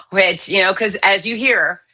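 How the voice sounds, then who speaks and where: A woman's voice: mid-range voice, pushed and bright. A woman being interviewed as a fitness author, talking in a pointed, aggressive, emphatic way. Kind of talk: interview conversation.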